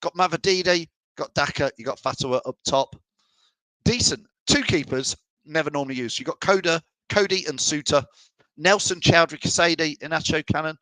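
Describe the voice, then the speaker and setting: A man's voice: fairly high pitch, brisk, sharp tone, no echo, low-quality recording. A middle-aged man from England hosting a live fan show, chatting and teasing as he reads out viewers' messages. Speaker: fan channel host. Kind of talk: live stream chat reading comments.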